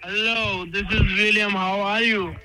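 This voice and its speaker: A man making a sales phone call as a telemarketer, with halting, repetitive scripted phrasing. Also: high-pitched, little pitch movement, sharp tone, clear, resonant tone, dry recording.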